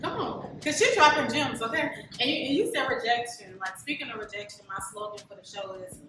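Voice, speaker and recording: A woman hosts a podcast interview, sounding enthusiastic and affirming. Her voice is distant and very echoey. Steady background noise sits clearly behind her. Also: on the high side, brisk. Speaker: podcast host. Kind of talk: casual interview conversation.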